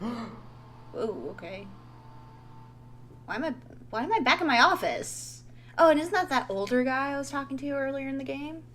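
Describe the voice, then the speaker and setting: A woman's voice: high voice, brisk, a bit bright, slight background noise. A young woman giving playful, exclamatory commentary while playing a game. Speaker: let's play host. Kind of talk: casual gameplay commentary. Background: game music.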